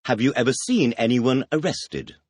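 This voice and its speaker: A man reading the teacher's questions in a scripted audio language lesson, announcing words and asking quick questions. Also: mid-range voice, animated, dry recording, studio quality. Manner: announces words, then fires quick questions with a clipped "please".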